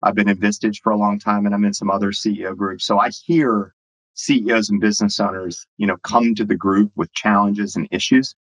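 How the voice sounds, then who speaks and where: A man's voice: fairly low pitch, steady tone, a little fast, low-quality recording. A man who runs his own business, telling stories in a casual, rambling way full of fillers. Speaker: entrepreneur and business owner guest. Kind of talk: casual storytelling.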